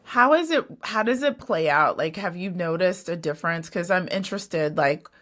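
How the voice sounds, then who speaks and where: A woman's voice: on the low side, lively intonation, moderate pace, a bit bright. A woman podcast host asking curious, encouraging questions. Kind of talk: interview questions.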